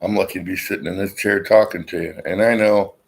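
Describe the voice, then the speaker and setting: Gravelly low-voiced middle-aged man rambling. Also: steady tone, fast talker, poor audio. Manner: rambling, profane, blunt storyteller. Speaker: vlogger. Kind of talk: rambling casual chat to viewers. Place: at home, seated in an armchair. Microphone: laptop built-in mic.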